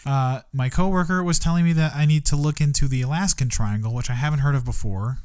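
A woman's voice: very deep voice, fast talker, darkish tone. A woman co-hosting a casual podcast chat, joking and swearing freely. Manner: joking, swears freely, jumps into silly voices. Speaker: podcast co-host.

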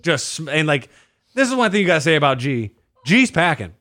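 A man's voice: a little high, a little fast, no room sound, studio quality. A young man hosting a podcast, telling crude stories in casual chat and acting out what people said. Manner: profane, animated, acts out quotes. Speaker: podcast host.

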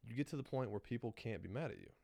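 A man's voice: mid-range voice, animated, very fast, gravelly, darkish tone, no room sound, studio quality. A young man co-hosting a podcast in casual chat, rambling with lots of fillers and frequent laughs. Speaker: podcast co-host.

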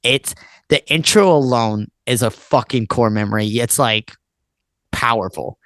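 A man's voice: mid-range voice, measured pace, fairly bright tone, no room sound. A man in his thirties chats as a podcast guest, rambling from one memory to the next with plenty of "like" and cursing. The recording is dry and close, with no room sound. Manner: rambling, swears often, fills with "like". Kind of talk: casual podcast chat.

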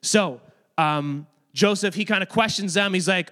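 High-voiced man teaching a Bible lesson. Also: fairly quick. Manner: chatty, animated, addresses kids directly. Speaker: youth or kids' ministry teacher. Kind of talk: casual Bible lesson to kids. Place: room with children.

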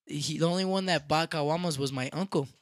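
A young man casually telling a rowdy story, profane and animated, acting out what people said. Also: fairly high pitch, fast talker, no echo. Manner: animated, profane, acts out quotes loudly.

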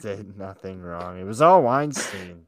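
A man's voice: low voice, animated, normal speed, dry recording. A man co-hosting a comedy podcast, chatting casually, laughing often and swearing as he tells stories. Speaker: podcast co-host.

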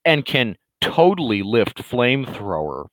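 A man voicing a belligerent, loudmouthed male internet troll in a higher, louder, slow and drawn-out ranting voice. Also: very animated, no room sound, poor audio. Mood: mocking rant. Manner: ranting, insulting, drawn-out emphatic delivery.

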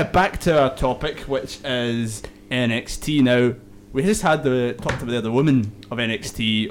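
A man hosting a casual podcast, often stumbling over his words and laughing off his slips. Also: mid-range voice. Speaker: podcast host.

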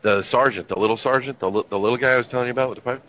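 A man's voice: mid-range voice, very fast, fairly bright tone, a little hiss or hum. A man in his fifties telling army stories in casual chat, with a laid-back, profane, wry delivery. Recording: dull lo-fi recording with faint ambience.

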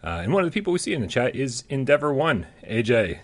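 A man's voice: mid-range voice, sing-song, fast talker. A man co-hosting a casual gaming news show, joking, laughing often and talking loosely with many fillers. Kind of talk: casual chat.

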